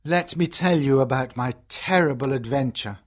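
A woman's voice: lowish voice, big pitch swings, takes it slowly, fairly bright tone, husky, full character voice. A woman voicing a sorrowful old father in a storybook reading, sad, pleading and tender. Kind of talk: storybook character voice.

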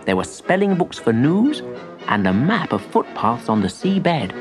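A woman reading a children's story aloud with lively storytelling. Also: rumbling low, a little slow, music in the background.

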